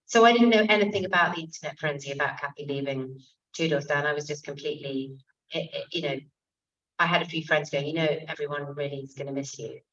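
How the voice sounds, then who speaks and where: An English actor and author answering audience questions at a bookshop event, candid and self-mocking, with frequent swearing. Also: female voice, sits low, fast, a bit bright. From England. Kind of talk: casual stage conversation. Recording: distant, dull lo-fi room recording.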